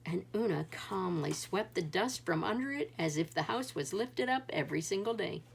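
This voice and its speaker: A woman reading a folktale picture book aloud in an expressive storybook style, with dramatic rises and drops. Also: lowish voice, moderate pace, creaky. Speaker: read-aloud narrator.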